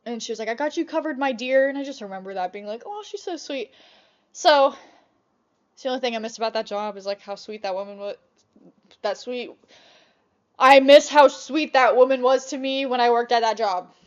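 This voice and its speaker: Young woman vlogger, higher voice, animated, foul-mouthed storyteller; lo-fi computer mic. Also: fairly quick. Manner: chatty, swears often, animated retelling. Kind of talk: casual storytime vlog.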